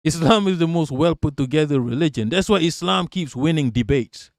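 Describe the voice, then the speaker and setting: A male livestream host with a somewhat high voice, chatting casually about politics. He is blunt and profane and often laughs while reacting to his chat. The sound is dry, with no room echo. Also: animated, a little fast.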